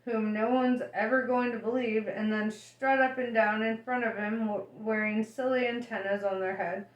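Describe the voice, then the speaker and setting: A woman's voice: a little high, fairly even intonation, moderate pace, dull audio, lightly acted. A woman voicing a breezy, cheerful adult male alien traveler who talks in an offhand, matter-of-fact and slightly smug way. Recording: echoey room.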